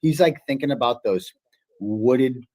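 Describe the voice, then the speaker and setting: A man's voice: mid-range voice, unhurried, mellow. A man hosting a live stream, mocking what he hears in profane, sarcastic casual commentary. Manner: mocking, sarcastic, swears a lot.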